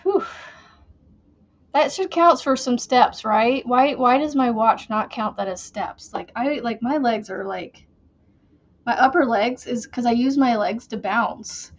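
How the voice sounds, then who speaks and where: A woman's voice: on the high side, unhurried, lo-fi sound. A woman hosting a casual crochet livestream from her chair at home, chatty and giggly, a bit out of breath as she talks to viewers. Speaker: crochet channel host.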